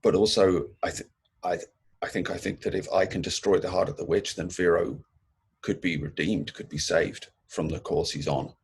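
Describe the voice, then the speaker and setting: A man's voice: deep voice, flat delivery, moderate pace, gravelly, slightly rough. A man playing a tabletop game, talking in a hesitant, thoughtful way. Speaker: player. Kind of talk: tabletop role-play.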